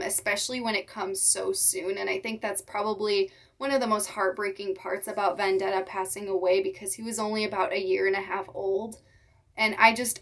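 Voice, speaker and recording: A young woman hosting her reptile channel, talking to viewers in a halting voice while holding back tears. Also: mid-range voice, a bit bright, far from the mic. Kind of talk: emotional vlog talk to viewers.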